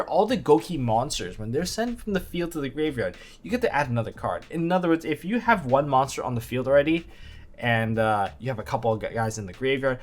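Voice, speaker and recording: A man talking through card strategy in a loose, unscripted commentary, his voice jumping up with excitement and then dropping into low, quieter asides. He sits at a middling pitch and slips in dry sarcasm now and then. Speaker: card game video host. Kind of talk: casual analysis commentary.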